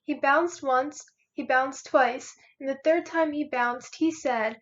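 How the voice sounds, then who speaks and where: Teenage girl, children's storybook read-aloud, lively rhythmic, high voice, muffled lo-fi recording. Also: normal speed. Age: late teens. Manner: lively, rhythmic rhyming delivery. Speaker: volunteer reader.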